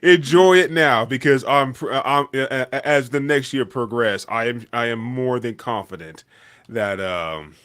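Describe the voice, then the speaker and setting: Self-deprecating male guest, halting and stammering. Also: medium pitch, fairly bright tone, clear, resonant tone. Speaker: voice actor guest. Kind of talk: casual podcast chat.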